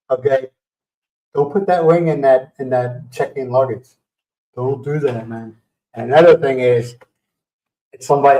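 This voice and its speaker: A man hosting a casual livestream who tells stories in a lively way and acts out what people said. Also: mid-range voice. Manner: animated storyteller acting out quotes. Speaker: livestream host. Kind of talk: casual storytelling chat. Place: home livestream setup. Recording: roomy sound from a distant mic.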